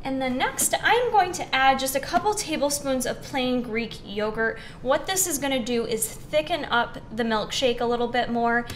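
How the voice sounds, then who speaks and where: A woman's voice: sits high, expressive, moderate pace, few pauses, background noise. A young woman hosting a casual recipe demonstration, chatty and upbeat, with lots of "um" and "like". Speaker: fitness recipe host.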